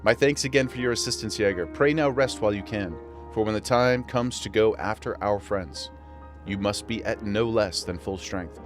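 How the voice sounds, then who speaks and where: A man reading aloud the earnest, measured lines of a solemn game character. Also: fairly low pitch, music in the background, lightly acted.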